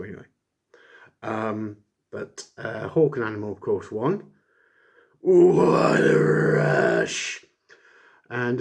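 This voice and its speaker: A man's voice: on the low side, darkish tone, husky. A man casually reviewing an old wrestling show, rambling with many fillers and jokey asides. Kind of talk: casual chat.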